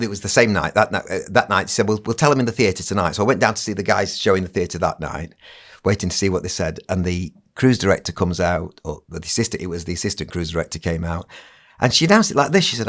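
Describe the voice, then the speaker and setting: A man in his sixties, a children's entertainer, telling stories on a podcast in a lively way and acting out what other people said. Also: sits low. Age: 60s. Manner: animated storyteller who acts out other people's lines. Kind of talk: casual anecdote telling on a podcast.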